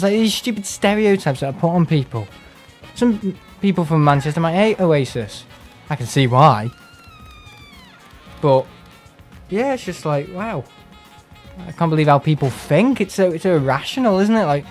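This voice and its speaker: Rambling man, slightly high voice. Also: animated, moderate pace, faint music behind. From England. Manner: rambling, sarcastic, mimics other people in put-on voices. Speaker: gaming live streamer. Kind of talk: casual live-stream chat while playing.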